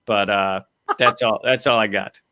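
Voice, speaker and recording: A man's voice: fairly low pitch, steady tone, a little slow, bright, forceful tone, dry recording. A man co-hosting a podcast, talking about politics in a blunt, rambling way. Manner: rambling, many fillers and restarts, blunt. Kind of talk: casual political chat.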